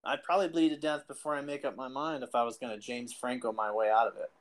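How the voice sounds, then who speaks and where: A man's voice: mid-range voice, level tone, quick pace, low-quality recording. Joking man telling a story on a podcast. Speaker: podcast co-host. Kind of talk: casual chat.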